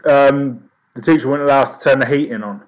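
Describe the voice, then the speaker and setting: Young man, laid-back cheeky storyteller, mid pitch, easygoing chat. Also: fairly even intonation, fast, lo-fi sound, slight background noise.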